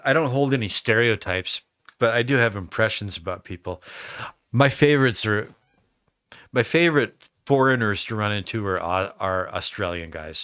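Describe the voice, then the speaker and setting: An American musician streaming a recording session chats casually and tells rambling stories, circling back and restarting sentences often. His lowish voice is clear and resonant with a bright, forward edge. The sound is dry and close, with no room sound.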